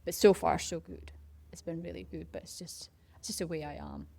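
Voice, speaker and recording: A woman's voice: on the low side, brisk, vocal fry, husky, no echo. A middle-aged Scottish woman in a casual interview, chatting about starting a community run and acting out what people said. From Scotland. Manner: animated storytelling, acts out quoted voices. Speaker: parkrun founder.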